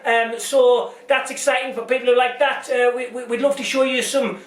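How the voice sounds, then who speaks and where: A man's voice: extremely high pitch, level tone, moderate pace, fairly bright tone, recorded from a distance. A man playing a bumbling, bigoted news anchor, stumbling over words and breaking into rants. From Britain. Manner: rambling, stumbling, bursts into rants. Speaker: comedian. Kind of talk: parody news presenting. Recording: echoey room, off-mic.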